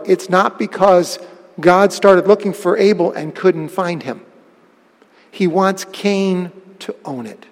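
A man preaching a sermon, telling the story with lively bursts of emphasis. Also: sits high, slow, long reverb tail. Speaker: pastor.

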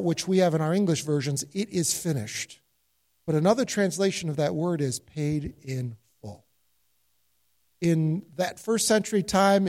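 A pastor preaches a sermon in a fairly high voice. He tells stories and keeps posing questions to his listeners, then answers them himself. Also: a little mellow. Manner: storytelling with rhetorical questions.

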